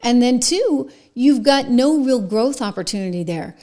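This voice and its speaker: A woman's voice: on the high side, expressive, unhurried, dark tone. A woman hosting an opinionated news commentary show, talking in an emphatic, sarcastic, conversational way. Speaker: host.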